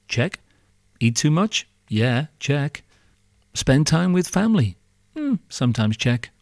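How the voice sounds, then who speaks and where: A man's voice: fairly high pitch, creaky, darkish tone, no room sound, clean studio sound. A man hosting a podcast, delivering a sarcastic, profane comic monologue full of rhetorical questions. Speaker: podcast host.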